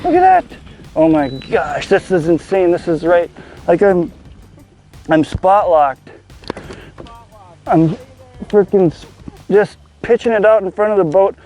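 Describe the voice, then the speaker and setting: A man's voice: high-pitched, sing-song, measured pace, long pauses, warm tone, faint music behind. A man on a kayak fishing, exclaiming giddily and laughing at each catch. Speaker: angler filming a fishing video. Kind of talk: excited outdoor fishing chatter. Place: on a kayak on a lake outdoors.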